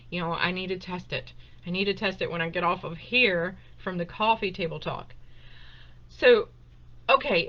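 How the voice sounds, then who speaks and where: A woman's voice: medium pitch, fairly bright tone, highs cut off. A woman chatting casually and emotionally on a home livestream, with lots of fillers and laughter. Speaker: host of a live Q&A stream. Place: at home, indoors. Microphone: webcam on a desktop.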